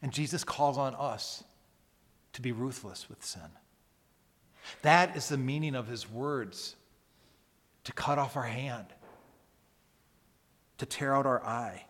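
Male pastor, emphatic sermon delivery, slow measured pace, long church reverb. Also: medium pitch, fairly bright tone. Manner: earnest, emphatic preaching with repeated phrases.

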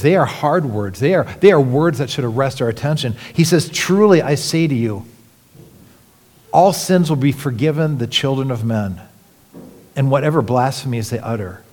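A man preaching a sermon as pastor, earnest, dropping to hushed lines and then rising with emphasis. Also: medium pitch. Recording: long hall reverb.

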